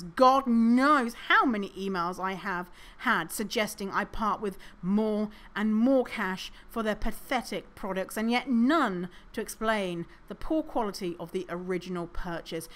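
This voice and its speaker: A woman's voice: mid-range voice, a bit bright. A woman hosting her own podcast, chatting casually, reading reviews aloud with sarcasm and frequent swearing and laughter. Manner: laughs often, chatty with many fillers. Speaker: podcast host. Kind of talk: casual solo podcast commentary.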